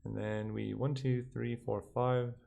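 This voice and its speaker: A man's voice: mid-range voice, little pitch movement, measured pace, vocal fry, dark tone. A young man giving casual commentary while playing a digital card game, thinking aloud and counting under his breath.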